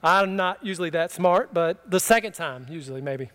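High-voiced man preaching a sermon. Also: animated, moderate pace, a bit bright. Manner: conversational, humorous, asks the congregation questions. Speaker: pastor. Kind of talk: sermon with personal story.

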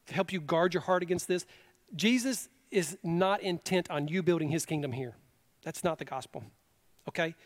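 High-voiced animated male pastor preaching. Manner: animated, shifts between loud preaching and soft asides; casual storytelling with quoted exclamations. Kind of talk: sermon.

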